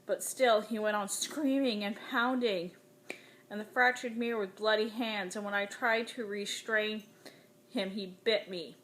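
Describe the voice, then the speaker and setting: Woman reader, middle pitch, expressive first-person narration, dramatic. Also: a little slow. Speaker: audiobook reader. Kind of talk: first-person novel reading.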